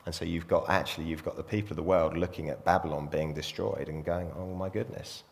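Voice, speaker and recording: A man's voice: extremely low pitch, steady tone, quick pace, vocal fry, long reverb tail. A man preaching a sermon in a conversational way, asking rhetorical questions and putting on voices. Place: church.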